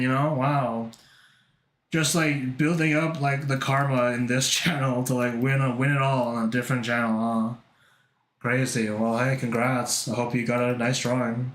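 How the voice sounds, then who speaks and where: Guy chatting while he doodles on stream, swears a ton, laughs a lot, sounds kinda echoey in the room. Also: mid-range voice. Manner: rambling and profane, laughs often. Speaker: art streamer. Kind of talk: casual chat while drawing on stream.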